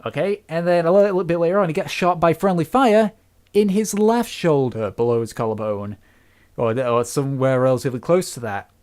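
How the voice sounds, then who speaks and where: A casual film reviewer who talks off the cuff. The delivery rambles and doubles back, with frequent restarts and fillers. There is a steady note of complaint running through it. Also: mid-range voice, brisk.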